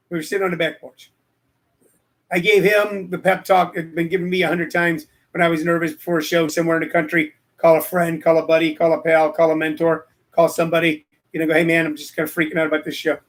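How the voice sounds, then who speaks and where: This sixties-aged comedian runs a laid-back livestream show, talking fast in a fairly high, fairly bright voice with a level tone. Between plugs and stories he wanders off on tangents and cracks jokes.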